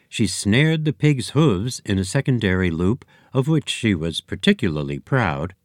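A man reading a children's storybook aloud in a lively, expressive way. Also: fairly low pitch, dry recording, studio quality. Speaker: narrator.

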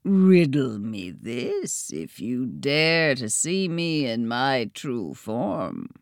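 Woman reader doing a bodiless riddling forest spirit for a storybook: low, throaty, slow, mocking. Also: sing-song, no room sound, studio quality, full character voice.

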